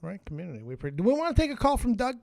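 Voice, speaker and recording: A man hosting a podcast, joking loudly, swearing and calling out to callers. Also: very high voice, very animated, very fast, dry recording. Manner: loud, joking, profane, calls out to callers. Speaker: podcast host. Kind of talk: casual podcast chat.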